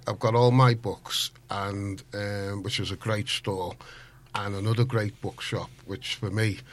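A man, a guest author telling stories in a casual radio interview, full of restarts and animated asides. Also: on the low side, measured pace, a little hiss or hum. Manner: animated, rambling storyteller with many restarts. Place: radio studio.

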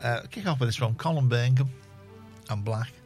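A man's voice: mid-range voice, a little fast, a little mellow, soft background music. A man presenting a community radio show in a studio, chatting in an easygoing, rambling way and reading out newspaper headlines. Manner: easygoing, rambling, self-deprecating, many fillers. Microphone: studio microphone.

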